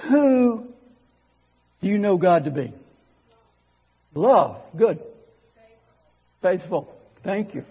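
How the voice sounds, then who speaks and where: A man with a high, husky voice preaches in a church, sharing his testimony in a folksy, chatty way and often stumbling over his first words. The audio is dull and lo-fi. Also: big pitch swings, extremely slow, long pauses, in a large hall. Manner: folksy, conversational storytelling with stammered restarts. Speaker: guest preacher. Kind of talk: sermon with personal testimony.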